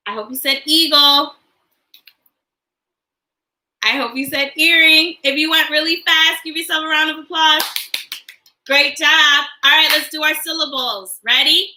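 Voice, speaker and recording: A woman's voice: high voice, fairly even intonation, unhurried, long pauses, sharp tone, reverberant, poor audio. Cheerful sing-song woman teaching children. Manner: sing-song, cheerful teacher talk with call-and-response questions. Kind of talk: livestreamed classroom lesson for young children. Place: home, online class livestream. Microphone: computer or phone mic on a livestream.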